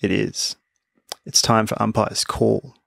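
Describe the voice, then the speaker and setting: A man's voice: on the low side, level tone, slow, gravelly, a bit bright, dry recording, studio quality. A man co-hosting a casual sports podcast, rambling with frequent restarts and fillers. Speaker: podcast co-host. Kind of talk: casual chat.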